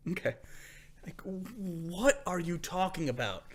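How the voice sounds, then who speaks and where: A man's voice: high-pitched, sing-song, slow, slight background noise. A man running a tabletop game as game master, narrating casually and laughing often.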